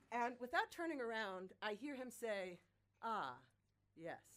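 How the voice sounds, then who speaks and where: Lively woman telling a story. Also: medium pitch. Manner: lively, self-mocking, casual swearing. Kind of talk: live personal storytelling.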